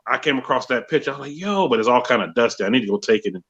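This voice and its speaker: A man in a casual podcast chat, relaxed and laid-back as he tells a story. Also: medium pitch, very fast, slightly rough, dull audio.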